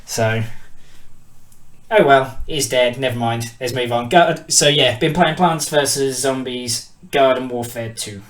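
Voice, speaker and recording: A man's voice: medium pitch, unhurried. A British man hosting a gaming podcast, chatting casually, teasing his guest and swearing freely. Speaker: podcast host.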